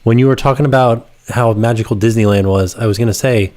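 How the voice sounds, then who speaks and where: A man co-hosts a live stream with relaxed, meandering chat. He often drifts off mid-sentence and circles back, like friends talking on a couch. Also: medium pitch, quick pace. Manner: rambling, trails off and restarts. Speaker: co-host.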